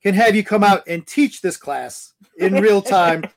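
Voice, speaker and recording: A man's voice: sits high, a little slow, a crowd in the background. A man co-hosting a podcast in casual chat, joking and teasing his co-host.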